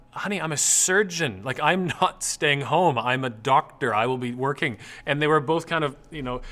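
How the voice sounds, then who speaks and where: A middle-aged man from Canada giving an animated, conversational talk on dating, acting out anecdotes. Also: medium pitch. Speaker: speaker on dating and relationships. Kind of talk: public talk.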